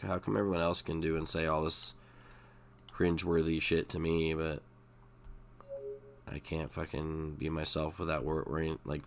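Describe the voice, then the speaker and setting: A deep-voiced, middle-aged man streams poker and talks to his chat in a loose, rambling way. He swears freely and gets excitable, with keyboard typing heard behind him. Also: creaky, a little hiss or hum. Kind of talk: casual live-stream chat.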